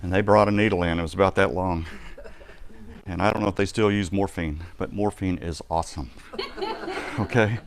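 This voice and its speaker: Speaking briskly in a low voice with a steady tone, a man shares his personal testimony on a ministry live stream. He recounts events vividly and performs the shouts and reactions of the people in his story.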